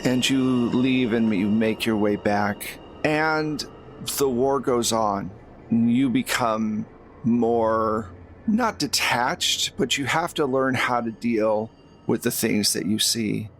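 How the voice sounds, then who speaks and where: A man narrating a tabletop game as game master in a measured, second-person style. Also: mid-range voice, fairly bright tone, slight background noise.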